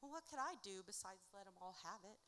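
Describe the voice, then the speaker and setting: A woman performing her own spoken-word poetry at a live event, with a rhythmic, dramatic delivery that swings from hushed to loud. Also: mid-range voice, expressive, quick pace. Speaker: author reading her own work. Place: indoor music venue at a live event. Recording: reverberant live venue recording.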